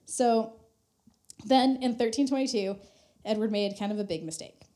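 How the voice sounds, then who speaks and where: Mellow-voiced woman telling history casually. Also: a little high, moderate pace. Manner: chatty, laughing, heavy use of "like", swearing. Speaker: podcast host. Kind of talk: casual history podcast storytelling.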